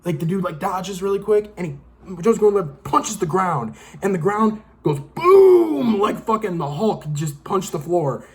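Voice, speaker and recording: A man's voice: high-pitched, big pitch swings, moderate pace. A young man giving a casual, profane, rambling movie review, exasperated and acting out lines from the film. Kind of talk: casual rant-style review.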